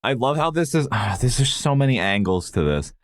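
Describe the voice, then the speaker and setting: Animated rambling male podcast co-host. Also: mid-range voice, a little fast, no room sound, studio quality. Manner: animated, amused, rambling with many "like"s. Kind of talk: casual podcast chat.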